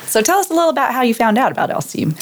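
Lively woman co-host, animated pitch. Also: rapid-fire, background noise. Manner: lively, laughing interjections. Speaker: podcast co-host. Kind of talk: casual interview chat.

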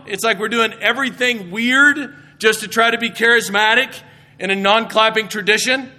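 Animated high-voiced man giving a chapel talk. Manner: animated storytelling, acting out quoted voices. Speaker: chapel speaker and Bible professor. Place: chapel stage.

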